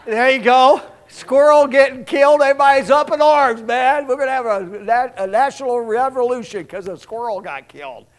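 A man with a notably high voice preaches a sermon in a loose, folksy way. He rambles through stories and tosses out quick asides, asking the congregation to answer back. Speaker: pastor.

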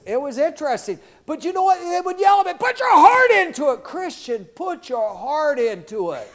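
Older man, preacher, lively folksy sermon, high voice, calls for amens. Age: 60s. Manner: folksy, animated, calls out to the congregation for responses.

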